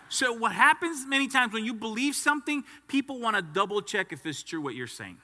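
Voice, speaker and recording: A man's voice: sits high, big pitch swings, brisk, pushed and bright. Male pastor, emphatic sermon delivery, call-and-response, piercing tone. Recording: long hall reverb.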